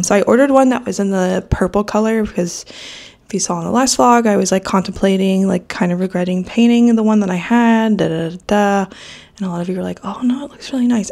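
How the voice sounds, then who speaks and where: A mid-range, gravelly voice with a darkish tone belongs to a young woman vlogging casually at home. Between the kitchen and office, she rambles on with lots of fillers, yawning and sleepy, slightly nasal from allergies. A handheld vlog camera captures it.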